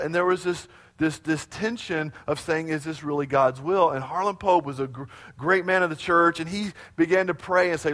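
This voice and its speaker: Male pastor, fairly high voice, lively sermon delivery that asks the congregation to repeat lines after him. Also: moderate pace.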